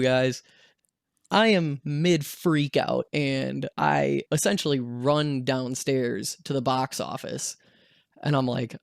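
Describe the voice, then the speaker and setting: A young man telling a story in a casual, animated vlog style, swearing freely and acting out the voices of the people in it. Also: on the high side, measured pace, dry recording, clean studio sound. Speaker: vlogger.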